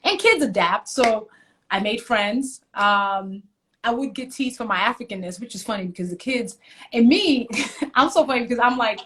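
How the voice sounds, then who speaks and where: A slightly high, somewhat bright voice belongs to a Nigerian woman speaking at a normal pace as a guest in a casual live video chat. Through the video-call audio, she tells personal stories and animatedly reenacts her own earlier words.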